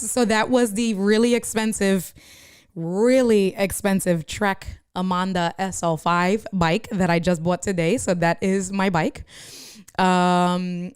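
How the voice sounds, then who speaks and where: A woman with a medium-pitched, clean voice live streams from her home setup, chatting casually, reacting to viewer comments and laughing a lot. She speaks into a desk streaming mic routed through a mixer.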